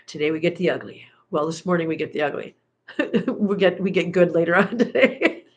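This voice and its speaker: A woman's voice: lively intonation, unhurried, long pauses. A woman hosting a casual live-stream from her couch at home, chatting with viewers and cooing at her cats. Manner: chatty, coos at her cats in a high baby voice. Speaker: cat channel host.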